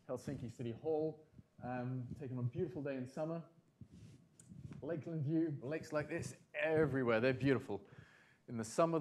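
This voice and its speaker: A middle-aged man from Britain and France giving a conference talk to a live audience. He talks in a chatty way, puts questions to the room and slips in dry humor. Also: a little high. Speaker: conference speaker. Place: conference hall.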